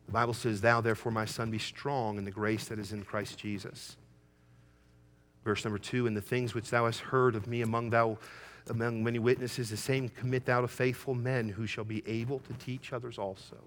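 Middle-aged man, pastor, bright ringing tone, preaches with loud emphatic build-ups, folksy storyteller. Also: mid-range voice, flat delivery, normal speed. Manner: folksy storytelling, quoting his son. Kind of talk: sermon.

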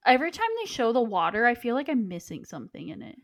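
A woman's voice: on the high side, very animated, fast. A woman in casual podcast chat, summarizing plot in a matter-of-fact way with dry remarks.

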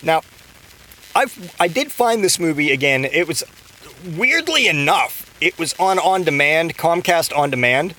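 A man's voice: a little high, animated, measured pace, pushed and bright, a little hiss or hum, poor audio. A man hosting a podcast, recapping a movie in a rambling, casual way with constant swearing, fillers and restarts. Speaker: podcast host.

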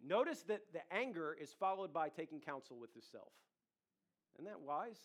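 A man in his thirties delivers a sermon with a notably high-pitched voice. He preaches in a conversational way, turning to the congregation with quick asides and questions. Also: animated. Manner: conversational preaching with audience asides and acted quotes. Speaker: pastor.

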